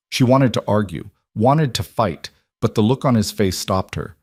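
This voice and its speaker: A man reading a dramatic romance story as narrator, in an even storytelling manner. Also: fairly low pitch, normal speed, hardly any pauses, no echo, clean studio sound.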